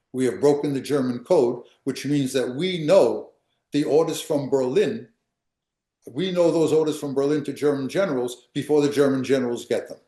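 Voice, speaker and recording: Older guy lecturing on history, dark mellow voice, echoey room, keeps repeating himself for emphasis. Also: medium pitch. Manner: emphatic, repeats and restarts phrases. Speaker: history professor. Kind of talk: lecture with questions.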